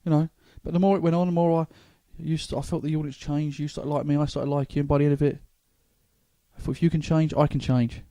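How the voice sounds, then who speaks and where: A man's voice: fairly high pitch, flat delivery, quick pace, warm tone, no echo. A man with a London accent, a comedian hosting a casual podcast chat, rambling with stammering restarts. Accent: London English. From England.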